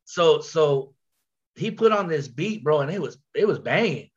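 A man with a fairly high, nasal voice tells a story in easy, slangy chat. He repeats words and restarts his sentences a lot as he goes. The recording is muffled and lo-fi. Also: expressive, a little slow, breathy edge. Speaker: rapper guest. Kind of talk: casual storytelling.

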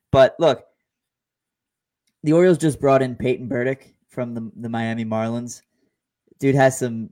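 A man co-hosting a casual sports talk show, speaking in a measured way with frequent stammered restarts. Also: mid-range voice, darkish tone. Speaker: podcast co-host.

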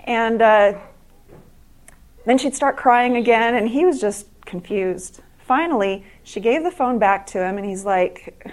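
A woman's voice: fairly high pitch, unhurried. Earnest middle-aged woman telling stories. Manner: earnest, with frequent restarts and repeated words. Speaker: speaker at an evening event. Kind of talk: storytelling speech to an audience.

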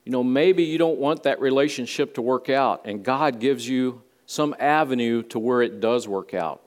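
A man's voice: medium pitch, normal speed. Guy preaching a sermon in church, easygoing, talks right to the people. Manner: conversational preaching, with folksy asides. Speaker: pastor. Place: church sanctuary.

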